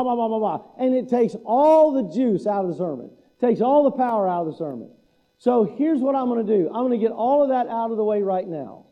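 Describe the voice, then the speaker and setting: A man's voice: very high voice, muffled recording. A man pastor delivering a sermon in a conversational, self-deprecating preaching manner.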